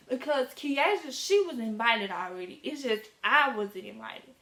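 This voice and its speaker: Lively teen girl telling a story, echoey room. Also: a little high, normal speed, few pauses. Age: teens. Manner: animated, slangy, acts out quoted dialogue. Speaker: vlogger. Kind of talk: casual storytime.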